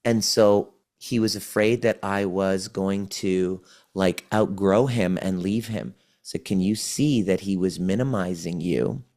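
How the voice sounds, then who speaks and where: A man with a fairly low voice speaks as a guest on a podcast. He retells a healing session with animated energy and voices both sides of the exchange. His delivery is conversational and earnest. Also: a little slow, hardly any pauses. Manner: animated, acts out the client's replies. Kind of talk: conversational storytelling.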